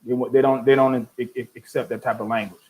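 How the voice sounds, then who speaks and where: An older man hosting a show, reading online comments aloud and answering them with exasperated sarcasm. He keeps repeating words in quick restarts. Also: medium pitch, flat delivery, darkish tone, low-quality recording. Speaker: host.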